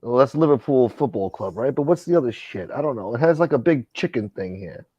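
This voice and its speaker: A man hosts a loose morning live-stream chat. His voice is warm and relaxed, recorded close and dry with no room sound. He jokes around and calls out viewers by name. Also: medium pitch, fairly quick, husky, no room sound, dull audio. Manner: joking, greets viewers by name. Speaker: host reading live chat.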